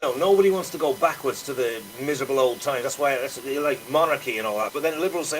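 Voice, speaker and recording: A man's voice: on the high side, fast talker, hardly any pauses, slight background noise, rough recording. A man, chatting casually about politics in a rambling, profane way with many restarts.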